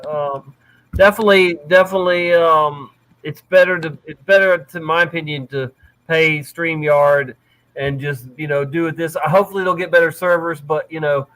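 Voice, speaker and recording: Man, stream host, easygoing, fillers, slightly high voice, video call. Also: steady tone, moderate pace, fairly bright tone, poor audio. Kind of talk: casual live-stream chat.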